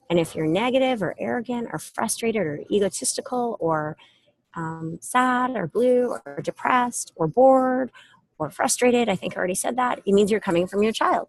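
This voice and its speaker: A middle-aged woman giving a casual motivational talk, telling stories with lively acted quotes, speaking from an airport. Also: medium pitch, normal speed, no echo. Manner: animated storytelling with acted quotes. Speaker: self-help speaker.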